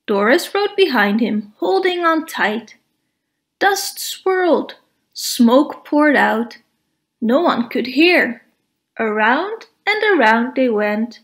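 Slow, high-voiced woman reading aloud. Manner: slow, expressive storytelling for preschoolers. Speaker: storybook reader. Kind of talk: children's read-aloud narration.

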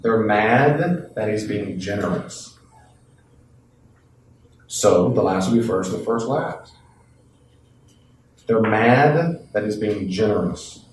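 A man teaching a Bible class, lively and folksy, acting out voices from the story. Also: fairly low pitch, takes it slowly, long pauses, slight background noise. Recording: echoey classroom from a distant mic.

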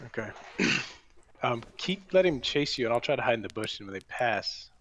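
Young man, gamer, calm low-key directions, very lively pitch, headset mic. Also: moderate pace, a little hiss or hum. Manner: calm, low-key instructions with bursts of swearing. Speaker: gaming partner. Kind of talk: casual gameplay chat with a friend.

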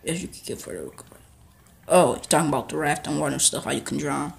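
A young man giving casual gameplay commentary, excitable and talking back to the characters on screen. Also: a little high, quick pace, gravelly. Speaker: gaming channel host.

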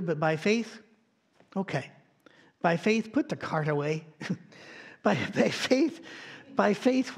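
A man with a noticeably high voice delivers a relaxed, conversational sermon from the pulpit. He speaks as a pastor, weaving homespun stories with offhand asides and gentle self-mocking humor. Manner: folksy storytelling with asides and light humor. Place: church.

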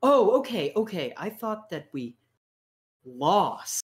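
A man voicing a menacing male crime boss who talks with sneering sarcasm and quiet threats. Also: high voice, sing-song, slow pace, a little hiss or hum, pitched above the performer's own voice, heavily acted. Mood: sarcastic.

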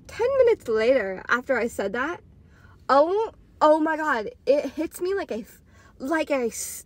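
A woman in her twenties telling a casual storytime tale, rambling and packed with "like" fillers. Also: sits high. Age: 20s. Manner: rambling, filler-heavy with frequent "like". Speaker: podcaster and storytime vlogger.

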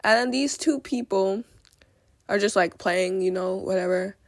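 A woman's voice: medium pitch, a little slow, dry recording. A young woman in her teens ranting angrily to camera, swearing a lot and saying "like" often. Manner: ranting, heavy swearing, lots of "like". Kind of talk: angry rant vlog.

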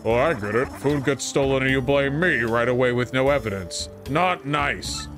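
A man's voice: mid-range voice, normal speed, music in the background, close to an everyday voice. A man doing a shifty, stammering fat toad cook. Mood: defensive. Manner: evasive, stammering denials.

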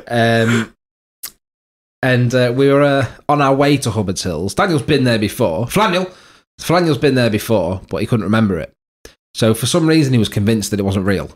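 Co-host, thirties, rowdy storyteller who laughs and swears, mid-pitched voice. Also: male voice, animated, moderate pace. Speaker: podcast co-host. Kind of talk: casual banter.

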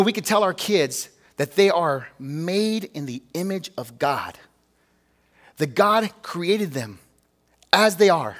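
Pastor, male, high-pitched, earnest, conversational sermon with rhetorical questions. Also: fairly bright tone.

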